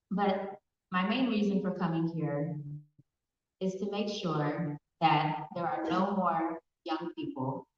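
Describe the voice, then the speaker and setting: A woman from Pasadena, California, giving personal testimony as a survivor speaker in a large hall, telling her story earnestly with hesitant pauses. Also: on the low side. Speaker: survivor speaker at an awareness event. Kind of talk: personal testimony in a public talk. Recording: echoey hall from far off, dull sound.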